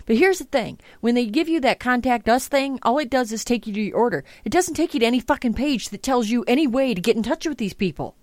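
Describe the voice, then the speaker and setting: A woman's voice: a little high, expressive, fast, hardly any pauses, darkish tone, dry recording. A woman hosting a podcast, chatting casually and ranting with lots of swearing. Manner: profane, ranting, exasperated. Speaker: podcast host. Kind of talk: casual chat.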